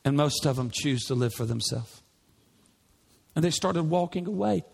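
A man's voice: a little high, animated, moderate pace, vocal fry. A male pastor preaching a sermon in a church, emphatic, with many repeated rhetorical questions.

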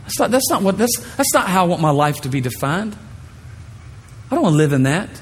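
Animated high-voiced preacher in a reverberant hall. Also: male voice, a little fast, slightly rough. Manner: animated, playful storytelling with shouted impressions. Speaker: pastor. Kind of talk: sermon.

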